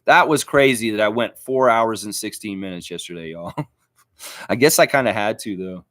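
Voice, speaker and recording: A man's voice: on the low side, normal speed, fairly bright tone, dry recording, studio quality. A man hosting a casual sports reaction livestream, reading viewer comments aloud and answering them in a blunt, profane way. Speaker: livestream host reading chat.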